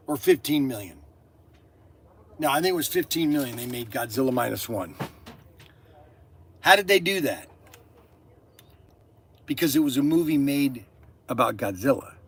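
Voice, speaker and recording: A man's voice: medium pitch, husky. An older man who runs a toy shop talks to camera in a rambling, opinionated way, often laughing and restarting his sentences. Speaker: toy shop owner and channel host. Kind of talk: rambling casual monologue. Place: inside his store.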